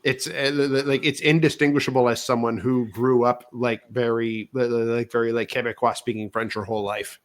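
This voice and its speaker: A man's voice: mid-range voice, little pitch movement, a little fast, few pauses. Man stumbling over "like" constantly. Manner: peppers speech with "like", repeated restarts. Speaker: podcast guest. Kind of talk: casual chat.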